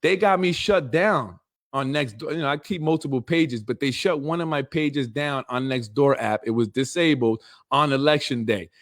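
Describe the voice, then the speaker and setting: A man's voice: mid-range voice, normal speed. Man, middle-aged, political show host, streetwise, blunt, heated monologue.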